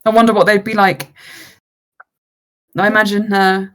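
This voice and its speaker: A woman playing a tender young man in love, talking in a warm, dreamy way. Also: medium pitch, little pitch movement, moderate pace, lightly acted, low-quality recording.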